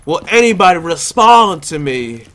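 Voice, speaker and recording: A man giving gameplay commentary, ranting and shouting in anger at teammates and repeating himself in frustration. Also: fairly high pitch, sing-song, normal speed, slight background noise. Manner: angry, shouting rants at teammates. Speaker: gamer.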